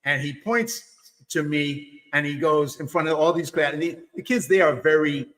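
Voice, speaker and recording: A man from New York hosting a webinar, telling stories in a casual, animated way with frequent restarts and "you know.". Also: on the high side, moderate pace, rough recording. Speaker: webinar host. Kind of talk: casual storytelling chat.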